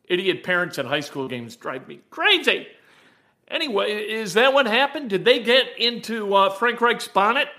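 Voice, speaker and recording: A man hosting a sports talk show, giving emphatic, animated opinions on a football game. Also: sits high. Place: home.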